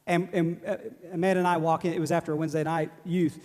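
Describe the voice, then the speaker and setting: A man's voice: fairly high pitch, level tone, quick pace, darkish tone. A man, preaching a sermon in a joking, self-deprecating way and laughing often. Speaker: pastor. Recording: long hall reverb.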